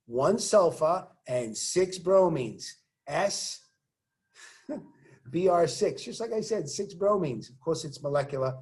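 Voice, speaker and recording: High-voiced, playful male chemistry teacher. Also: lively intonation, slow pace, darkish tone. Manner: playful, joking asides while working through examples; encouraging, coaching students to say formulas aloud. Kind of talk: recorded online chemistry lesson.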